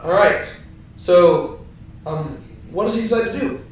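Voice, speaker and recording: Playful high-voiced man teaching scripture. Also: expressive, unhurried, a little hiss or hum. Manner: playful, laughs often, keeps asking "right?". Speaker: Bible study teacher. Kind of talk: joking Bible study teaching. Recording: echoey room from far off.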